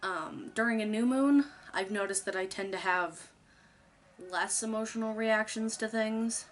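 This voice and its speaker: A woman's voice: fairly high pitch, a little slow, a little hiss or hum. A young woman YouTuber talking casually to camera, chatty and rambling, candid and loose, swearing now and then.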